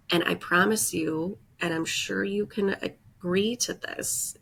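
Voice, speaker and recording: Her fairly low, slightly rough voice carries vocal fry as this podcast host works through a reflective self-help monologue. A head cold leaves her congested, breathing audibly and sighing heavily. She speaks earnestly and encouragingly, often saying "like" and "right?"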